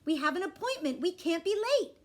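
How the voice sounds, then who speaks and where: A woman reading aloud and voicing an exasperated mother, stern and hurried with her daughter. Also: very high voice, big pitch swings, pitched above the performer's own voice. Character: exasperated mother of a young girl.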